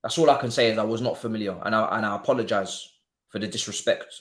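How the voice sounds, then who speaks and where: A man's voice: lowish voice, fast talker. A young man streaming a live football watchalong, talking in slangy, exclamatory bursts and muttering asides to himself.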